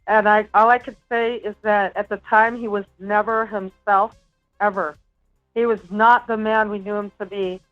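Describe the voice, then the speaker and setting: A woman's voice: medium pitch, level tone, moderate pace. A woman guest telling her own paranormal experiences in an earnest, casual way, with small laughs. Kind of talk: casual interview talk. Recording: dull lo-fi remote audio with faint music.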